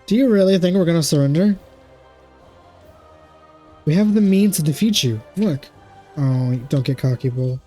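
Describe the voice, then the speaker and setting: A man's voice: on the high side, normal speed, long pauses, warm tone, faint music behind, voice pushed up, lightly acted. A man reading a defiant young male hero's lines from a video game in close to his own voice. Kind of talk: reading game dialogue aloud.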